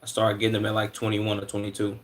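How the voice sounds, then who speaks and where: Talking fast in a lowish, monotone voice, this twentysomething from Chicago reacts on a live stream in a casual, slangy way. He's frequently incredulous and stutters over his words.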